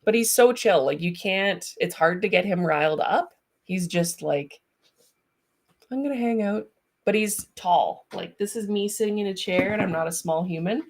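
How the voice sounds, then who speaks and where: A woman streaming live from home, chatting casually and rambling with lots of ums. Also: fairly low pitch. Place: home, with a large dog nearby.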